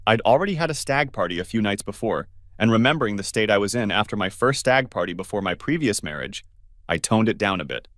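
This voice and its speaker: Male narrator, story reading, animated pitch, dry close sound. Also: quick pace, dry recording. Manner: reads every part himself, raising his pitch for alarmed questions. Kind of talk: first-person story reading.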